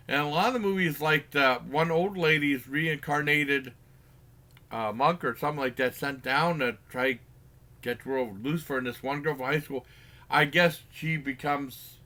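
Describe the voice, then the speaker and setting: Rambling, slightly high-voiced man reviewing a movie. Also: bright, forceful tone. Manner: rambling, loose, with many fillers and restarts; acts out characters' lines in quick bursts. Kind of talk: casual spoken movie review.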